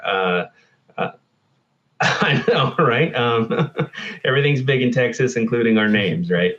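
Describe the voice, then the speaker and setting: A man's voice: lowish voice, fairly bright tone, muffled recording. A man answering interview questions about the climate, thoughtful and hesitant with many fillers. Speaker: climate scientist guest. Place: Texas.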